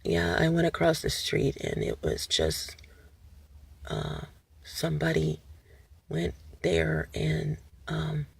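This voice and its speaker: A woman putting on the flat monotone voice of an evil person, slow, low and hushed with no rise or fall. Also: vocal fry, breathy edge, no echo, heavily acted. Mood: flat menacing.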